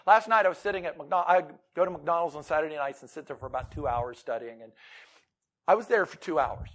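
A man preaching a sermon, rising to loud emphatic lines and dropping to near whispers. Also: a little high, fast. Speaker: pastor.

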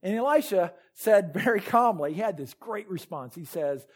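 A man's voice: high-pitched, expressive, normal speed, hardly any pauses, slightly rough. A man preaching a sermon as pastor, reading scripture and retelling Bible stories with earnest emphasis.

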